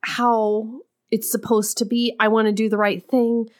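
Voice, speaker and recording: A woman co-hosting a casual chat, expressive and given to mock-exasperated rants. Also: a little high, unhurried, clean tone. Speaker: podcast co-host.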